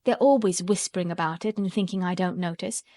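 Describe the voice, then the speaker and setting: A woman's voice: on the low side, steady tone, fast, warm tone, no room sound, clean studio sound, close to an everyday voice. Woman reading as a cross sickly boy. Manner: cross, resentful. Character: sickly, self-pitying young boy. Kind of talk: audiobook character reading.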